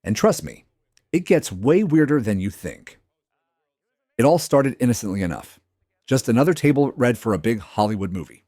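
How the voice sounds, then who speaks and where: A man's voice: medium pitch, big pitch swings, moderate pace, dark tone, no echo, studio quality. A man giving hyped scripted narration for a compilation video.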